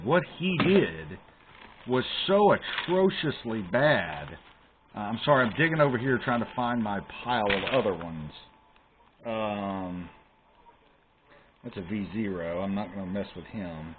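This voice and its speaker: Man ranting at a repair bench, tinny. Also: mid-range voice. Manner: emphatic, exasperated about shoddy work. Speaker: console repair hobbyist. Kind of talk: casual repair walkthrough. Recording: tinny phone-like sound with faint hiss.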